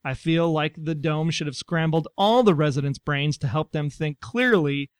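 A man co-hosting a casual talk show, reading out listener messages with a wry delivery. His voice is smooth and resonant and sits a little high for a man. The sound is dry and close. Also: moderate pace, no room sound. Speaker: podcast co-host. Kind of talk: casual chat.

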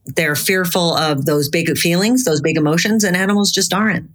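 A middle-aged woman with a slightly low voice talks candidly in an interview. She is earnest and direct and does not soften her words. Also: normal speed. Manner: earnest and frank, with occasional swearing and laughter. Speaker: interview guest, bereaved mother and grief researcher.

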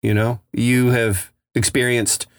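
Slow low-voiced podcast guy, halting and thoughtful, dry sound. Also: little pitch movement, no room sound. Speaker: podcast co-host. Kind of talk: casual chat.

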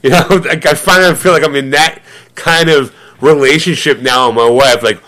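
A man's voice: fairly high pitch, moderate pace. A man co-hosting a podcast, chatting casually and laughing often. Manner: animated, acts out voices of himself and his wife. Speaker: podcast co-host. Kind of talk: casual chat.

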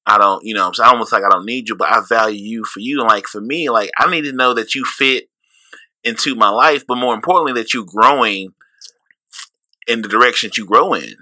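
Rambling, swearing podcast man with a bright voice. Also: fairly low pitch, fairly quick, no room sound. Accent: St. Louis. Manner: loose, rambling, laughs a lot, swears freely. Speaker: podcast co-host. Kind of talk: casual chat.

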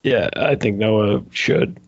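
A husky-voiced man rambles through a casual podcast chat, piling on fillers and little laughs. The sound is dry and close, with a dull, lo-fi tone to the recording. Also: fairly low pitch, takes it slowly, no room sound. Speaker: podcast co-host.

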